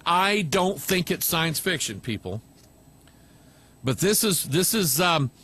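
American male talk radio host, fairly high voice, reads news stories aloud, emphatic lists, sarcastic asides. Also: fairly bright tone.

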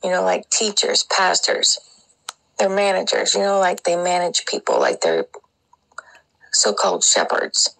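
A woman's voice: fairly low pitch, huge pitch swings, a little slow, gravelly, long pauses, fairly bright tone, whispered, poor audio. A woman casually recounting her dreams in a rambling way, with many restarts and asides. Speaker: Christian dream sharer.

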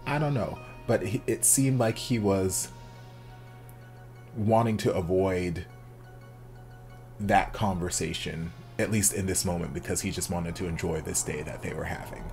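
A man's voice: low-pitched, steady tone, unhurried, a little mellow, soft background music. Gushing man recapping a drama episode. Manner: gushing, chatty, acts out the characters' lines. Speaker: drama reaction host.

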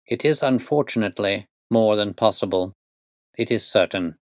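A man voicing a calm, stern male detective who explains things in a measured, precise way. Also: lowish voice, no room sound, clean studio sound, lightly acted.

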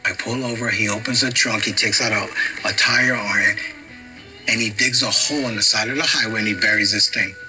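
A man's voice: lowish voice, brisk, low-quality recording. A middle-aged man recounting an anecdote in a documentary interview, acting out the lines he quotes. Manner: lively storyteller acting out quotes. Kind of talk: anecdote told to camera. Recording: music playing underneath.

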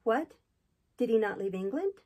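A woman's voice: a little high, sing-song, moderate pace, a little mellow. A woman reader voicing an earnest, anxious young governess who presses with urgent questions in a classic novel audiobook.

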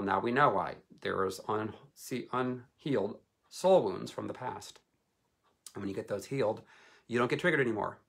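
A man's voice: fairly low pitch, vocal fry, breathy edge. A man leading earnest prayer and teaching on a live stream, returning often to thanks and blessing. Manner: earnest, repetitive praying, frequent "you know". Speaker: deliverance minister.

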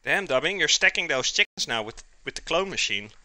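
A man's voice: fairly high pitch, lively intonation, brisk, pushed and bright, dry recording. A man cooking on a live stream, chatting casually and joking with his chat as he reads it aloud. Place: home kitchen.

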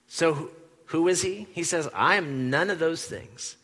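A man preaching a sermon in a church, animated, acting out the quoted lines with big swings from loud to hushed. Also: fairly high pitch, measured pace, husky, in a large hall. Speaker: pastor. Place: church sanctuary.

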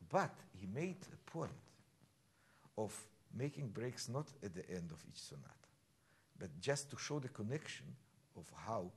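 A man's voice: fairly low pitch, breathy edge. An older man teaching a piano masterclass, explaining at length and singing phrases aloud to his student. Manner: animated, sings phrases and shouts encouragement. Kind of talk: masterclass coaching.

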